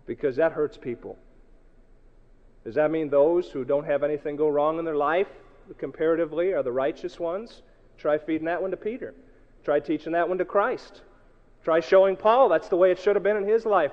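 High lively preacher guy acting out quotes, dull echoey hall recording. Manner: animated preaching, swings from loud to hushed, acts out quotes. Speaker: pastor. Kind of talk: sermon. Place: church hall.

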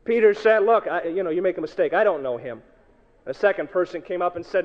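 A man preaching a sermon to a congregation, swinging from loud to hushed and acting out the people he quotes. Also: sits high, expressive, quick pace. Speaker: pastor. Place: church hall. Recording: dull, echoey hall recording.

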